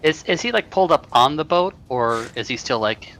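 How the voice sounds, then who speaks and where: A man playing a tabletop game, describing his character's actions in a halting way with many fillers. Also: on the high side, animated, a bit bright. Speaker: player.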